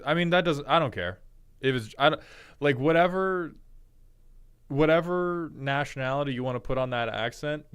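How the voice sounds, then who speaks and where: A man's voice: medium pitch, a bit bright, clear, resonant tone. A man streaming, chatting casually with viewers in a rambling, jokey way with frequent restarts. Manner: rambling, jokey, self-interrupting.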